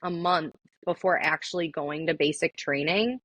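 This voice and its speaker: A woman's voice: sits low, normal speed, fairly bright tone, breathy edge. A young adult woman telling her story as an interview guest in a casual, chatty way, full of likes and ums. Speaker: interview guest, army veteran.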